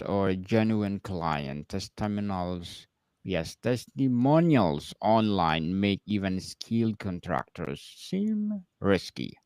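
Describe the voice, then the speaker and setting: A man's voice: fairly low pitch, darkish tone, smooth, no room sound. A man hosting a podcast, asking prepared questions in a formal way and addressing his guest as Mister. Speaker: podcast host. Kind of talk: reading interview questions.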